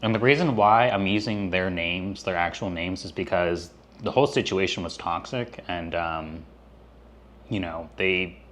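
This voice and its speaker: A man with a very low voice chats casually in a mukbang-style vlog. He talks hesitantly, filling gaps with "um" and "like." A faint noise sits behind him. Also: a bit bright. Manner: hesitant, full of um and like. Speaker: vlogger.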